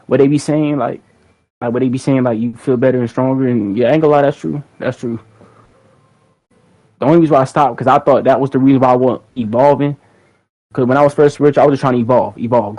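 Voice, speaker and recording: A man's voice: mid-range voice, darkish tone, dull audio. A young man hosting a livestream, chatting casually to his viewers in a rambling, slangy way, often repeating words. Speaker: livestream host.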